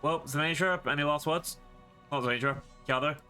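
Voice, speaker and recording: A man's voice: on the high side, a little fast, bright, forceful tone, faint music behind. A man streaming a fantasy role-playing game, chatting casually with lots of fillers. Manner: rambling, filler-heavy. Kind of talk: casual gameplay commentary.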